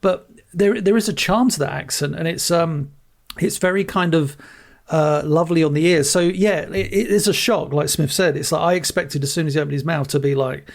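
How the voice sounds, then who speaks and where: A podcast co-host chatting casually about films. His voice is gravelly and sits fairly high for a man. He stumbles and restarts often as he works his way toward a point. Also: a little fast. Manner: hesitant, lots of restarts and filler words. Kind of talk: casual film discussion.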